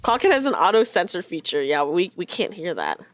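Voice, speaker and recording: A woman's voice: lowish voice, very animated, a little fast, no room sound, faint music behind. Chatty young woman streamer. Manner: chatty, giggly, reads game lines aloud. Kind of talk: casual game commentary.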